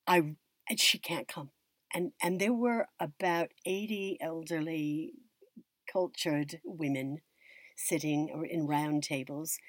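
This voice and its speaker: A woman from the United States tells a personal story in an interview, reflective and unhurried, often trailing off and restarting. Her voice sits low and sounds husky. The recording is dry and close. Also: no echo. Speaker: actress and drama teacher being interviewed.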